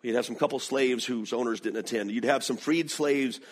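A middle-aged man from the American South with a Southern accent, preaching a sermon with animated storytelling. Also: normal speed. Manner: animated storytelling with lively swings in pitch. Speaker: pastor.

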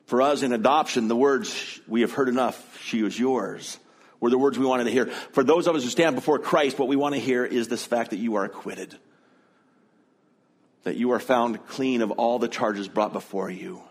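A middle-aged pastor gives a sermon, folding a personal story into his teaching. His voice sits at an ordinary male pitch with a breathy edge, and he talks at a normal speed in an earnest, conversational manner, as if addressing a congregation he knows well.

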